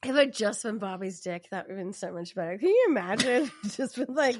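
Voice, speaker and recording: A woman's voice: fairly high pitch, animated, fairly quick, hardly any pauses, darkish tone, no echo, clean studio sound. A middle-aged woman co-hosting a podcast, rambling chattily while recapping a TV episode. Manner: chatty, rambling, lots of fillers. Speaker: podcast co-host. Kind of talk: casual chat recapping a TV episode.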